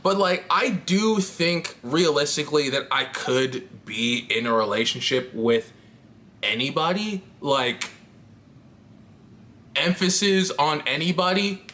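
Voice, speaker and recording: A woman's voice: low voice, animated, takes it slowly, a bit bright, slight background noise. A trans woman vlogging to camera in a candid, rambling chat, laughing often and swearing casually.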